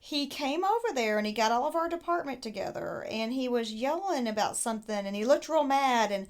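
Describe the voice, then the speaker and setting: This is a middle-aged woman, co-hosting a relaxed chat. Her voice sits high, and she tells her stories with lively quoted lines from the people in them. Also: fairly quick. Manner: chatty storyteller, acts out quoted people. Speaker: podcast co-host. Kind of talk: casual chat.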